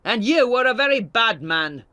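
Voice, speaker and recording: A woman voicing a stern aging father who owns a mill, with a gruff manner. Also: sits low, animated, slow pace, pushed and bright, no room sound, heavily acted. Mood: angry. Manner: gruff, sinks to a faint whisper.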